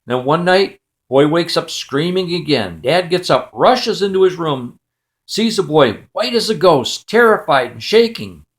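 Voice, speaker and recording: A man's voice: fairly high pitch, lively intonation, unhurried. A man telling a joke as a story in a clipped, matter-of-fact way, often dropping the subject of a sentence.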